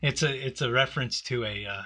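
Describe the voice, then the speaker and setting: Bright-voiced man hosting a chatty show. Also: mid-range voice, fairly quick. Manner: chatty, laughs often. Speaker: host. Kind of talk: casual comedic chat.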